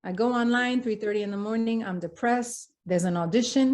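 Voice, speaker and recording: Animated New woman telling stories. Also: on the high side, fast talker. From South Bronx, New York. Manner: lively storyteller, acts out quoted dialogue. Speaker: guest, singer and actress. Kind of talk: podcast interview storytelling.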